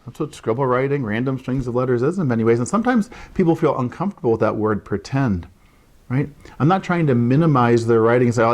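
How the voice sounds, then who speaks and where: Male early childhood educator, mid-pitched, steady explainer, keeps checking in with listeners. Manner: explains with frequent "right?" check-ins and modeled child-directed lines. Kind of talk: instructional talk to parents.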